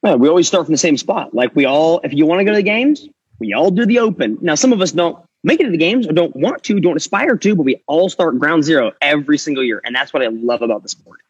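A man's voice: fairly high pitch, animated, fast talker, husky, no echo. A man in his thirties, a podcast guest, talking in a chatty, jokey way with lots of fillers. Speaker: podcast guest, retired athlete. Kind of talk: casual chat. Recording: dull dry lo-fi remote audio.

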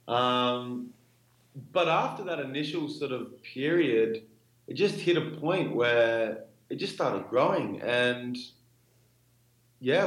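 A man's voice: medium pitch, reverberant, low-quality recording. A man, a startup co-founder, telling stories casually in an interview, laid-back and full of fillers.

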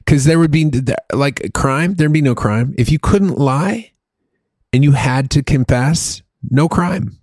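A man's voice: medium pitch, unhurried, darkish tone, no room sound, clean studio sound. A man in his late thirties chatting casually, joking about himself with playful analogies and some swearing. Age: late 30s. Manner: self-deprecating, riffs with playful analogies and swearing. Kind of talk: casual chat.

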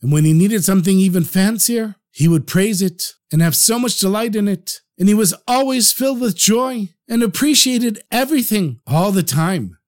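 A man narrating a folk tale on his storytelling podcast, expressive and ready to slip into the characters. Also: sits high, normal speed, hardly any pauses. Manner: warm, expressive, acts out the characters.

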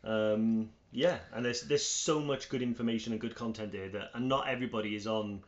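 A man's voice: on the low side, steady tone, a little fast, dull audio. A man co-hosting a podcast in loose, easygoing chat with fillers. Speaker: podcast co-host.

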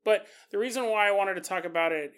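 Male podcast host, bright voice, animated casual storyteller who laughs a lot. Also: sits high, quick pace, clear, resonant tone. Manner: animated, laughs often, acts out quotes.

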